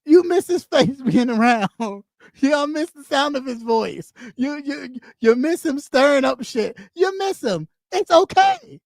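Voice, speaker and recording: Blunt, high-voiced woman ranting. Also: lively intonation, a little slow, darkish tone, dry recording, clean studio sound. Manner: blunt, profane, scolding; repeats lines for emphasis. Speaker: live stream host. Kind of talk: ranting live stream commentary.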